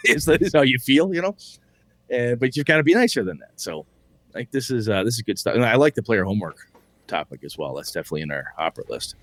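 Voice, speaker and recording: A man's voice: medium pitch, sing-song, fast, a bit bright. A man co-hosting a casual podcast, rambling and swearing freely as he reads listener mail. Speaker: podcast co-host.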